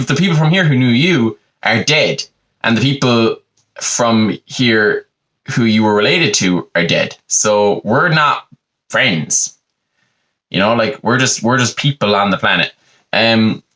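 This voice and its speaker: A man's voice: on the low side, fairly bright tone. Man, Irish accent, podcast host, rambling comic monologue, voice swooping up and down. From Ireland. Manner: digressive, full of "you know" asides.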